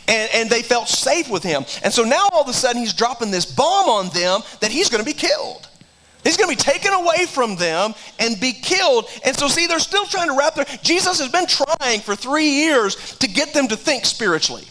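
A man with a high, bright voice preaching a sermon. He retells the scripture earnestly, acting out the lines of the people in it. He often stops and restarts a phrase. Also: sing-song, normal speed. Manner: earnest preaching, acts out quoted dialogue, frequent restarts. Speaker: pastor.

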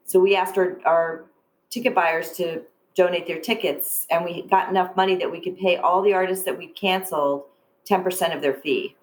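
A woman's voice: fairly low pitch, moderate pace, rough recording. Chatty woman telling backstage stories. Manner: chatty, animated, many fillers. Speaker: arts presenter, guest. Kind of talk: casual interview storytelling.

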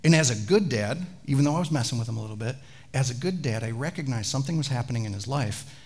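A man, a pastor, preaching a sermon with animated storytelling and chatty asides to the congregation. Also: medium pitch, fast.

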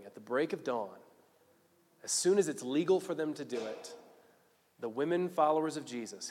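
A man preaching a sermon as casual storytelling in slang, often rising to loud emphasis. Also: mid-range voice. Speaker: pastor. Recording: long reverb of a large hall.

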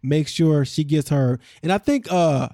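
A man's voice: on the high side, unhurried, mellow, no room sound, clean studio sound. A man hosting a podcast, recapping a reality show in casual chat and acting out what people said.

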